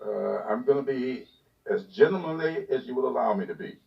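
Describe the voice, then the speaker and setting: A committee chairman speaks with a gravelly, creaky edge and a firm hold on the room. He sits well back from the microphone. The audio is dull, with a muffled hearing-room quality. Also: mid-range voice, animated, brisk, distant mic. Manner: firm, gravelly, asserting control.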